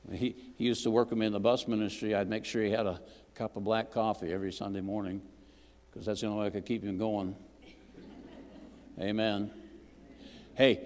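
A man preaching as a guest minister, joking with the congregation and calling out for amens. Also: fairly low pitch. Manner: lively, jokes with the congregation, calls for amens. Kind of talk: sermon. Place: church sanctuary. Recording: long hall reverb.

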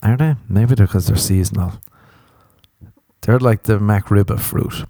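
A man's voice: lowish voice, a little slow, warm tone, no echo, studio quality. An Irish man in his thirties hosting a podcast, rambling through a sweary, self-mocking comic monologue. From Ireland. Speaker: podcast host. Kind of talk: casual comedic monologue.

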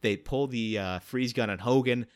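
A man's voice: mid-range voice, moderate pace. A man, a guest on a podcast, telling wry, self-mocking stories about a movie. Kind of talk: casual movie chat.

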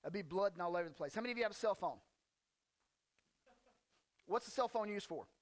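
A male pastor preaching a casual, conversational sermon, folksy and joking with slang asides, and reading scripture with animated emphasis. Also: sits high, fast.

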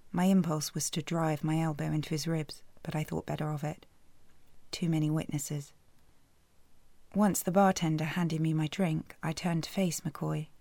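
A woman's voice: low voice, mellow, no room sound. A British woman narrating a first-person romance audiobook in a dry, sardonic way, close to the mic.

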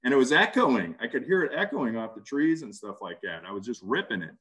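A man casually recounting an ordeal in an interview, halting and animated. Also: mid-range voice. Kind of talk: casual storytelling.

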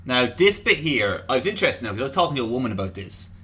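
A man's voice: mid-range voice, sing-song, quick pace, fairly bright tone. A man in his twenties, co-hosting a casual podcast and recapping a TV episode in a jokey, rambling way. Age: 20s. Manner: rambling, jokey, full of fillers. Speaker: podcast co-host.

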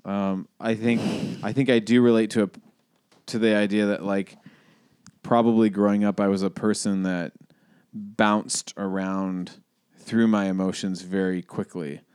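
Podcast co-host, male, thirties; rambling reflective chat, slightly low voice, dry close mic. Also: flat delivery, a little slow, a little mellow, smooth, no room sound. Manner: reflective, rambling with many restarts and fillers. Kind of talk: casual conversational podcast.

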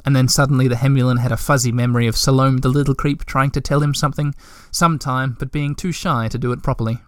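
A man narrating a storybook at a measured, gentle pace. His voice sits at a middle pitch, recorded close and dry with no room sound. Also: steady tone, dry recording. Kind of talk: audiobook narration.

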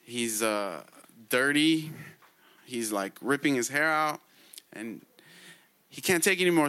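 A man's voice: medium pitch, unhurried, pauses often, sharp tone, smooth. A man retelling a myth in casual storytelling style, full of slang, chuckles and fillers.

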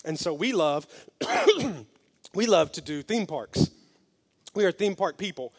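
A pastor preaching a sermon, telling a story that builds from slow and quiet to loud and excited. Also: male voice, on the high side, long reverb tail. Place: church hall.

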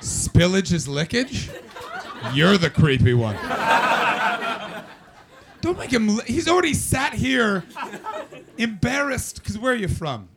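A gravelly man with a high-sitting voice performs stand-up in a comedy club cellar, taking it slowly and pausing often. He tells profane stories in a brash, animated way and ribs the crowd.

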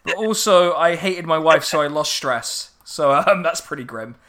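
A man's voice: on the high side, expressive, moderate pace, fairly bright tone. A man hosting his game stream in casual, joking chat, swearing freely and restarting sentences. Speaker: streamer host.

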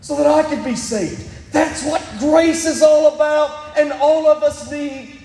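A male pastor preaching with a strikingly high voice. His sermon rings through an echoey church hall with a long reverb tail, and he builds to loud emphatic peaks as he quotes scripture. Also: a little slow. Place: church sanctuary.

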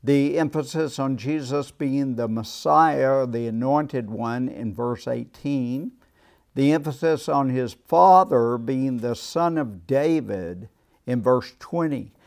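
A man leads a Bible class in a slow, deliberate way. His voice has a gravelly edge. He restarts phrases and pauses often as he works through his points. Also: medium pitch, darkish tone. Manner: unhurried, thoughtful, with frequent restarts and "uh". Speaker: Bible study teacher. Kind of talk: Bible class lecture with discussion.

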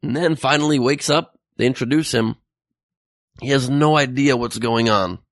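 In studio-quality audio with no echo, a man hosting a satirical comedy show delivers a monologue full of sarcastic, incredulous mock rants. His voice is mid-range and his speed normal.

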